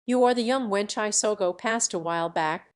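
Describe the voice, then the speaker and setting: A woman reading a blustering middle-aged cake maker from a fairy tale. He is gruff and scolding, and his voice stays close to her ordinary reading tone. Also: medium pitch, moderate pace, close to an everyday voice.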